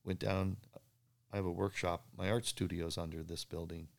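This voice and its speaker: A man, a surfboard craftsman, telling animated stories in an interview, acting out the dialogue and laughing at his own jokes. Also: low voice, moderate pace, vocal fry. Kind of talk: storytelling in a podcast interview.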